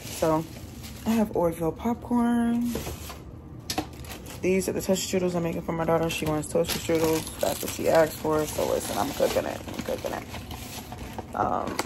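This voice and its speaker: A woman's voice: low-pitched, fairly even intonation, normal speed. A young woman vlogging at home in her kitchen, chatting loosely to camera with lots of "like" and sounding worn out. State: tired, drained. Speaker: vlogger, single mom working from home. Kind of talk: casual vlog chat to camera. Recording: noisy home ambience.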